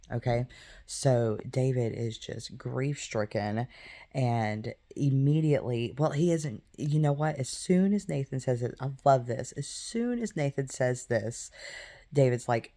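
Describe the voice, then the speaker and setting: Woman, thirties, faith podcast host, casual retelling, unhurried, gravelly, mellow tone. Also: extremely low pitch, lively intonation. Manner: retelling a Bible story conversationally, many fillers.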